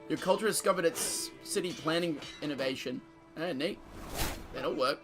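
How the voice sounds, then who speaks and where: Speaking a bit higher and at a brisk clip, this streamer delivers loose, profane commentary over a strategy game. He reads events aloud and jokes with his viewers, laughing frequently, as faint game music plays softly in the background.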